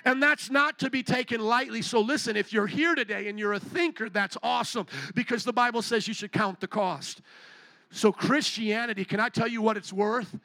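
Speaking fairly quickly in a very high, pushed, bright voice, a male pastor preaches from a stage in a large building with a handheld mic. He fervently hurls rhetorical questions at the congregation, recorded dry.

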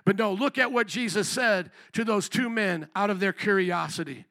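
A man preaching a sermon in a relaxed, conversational way, acting out the people he quotes and building up to shouts. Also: high voice, normal speed, no echo. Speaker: pastor. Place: church service.

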